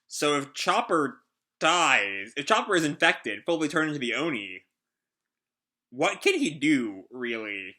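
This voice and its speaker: Man hosting a casual reaction, rambling and hesitant, lively pitch, very bright voice. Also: unhurried. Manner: rambling, hesitant, many fillers. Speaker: host.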